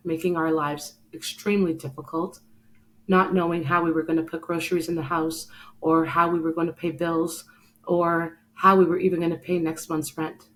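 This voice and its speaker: Speaking in a fairly low register on a rough recording, a woman hosts a podcast. She tells a personal story earnestly and with feeling, addressing the listener directly.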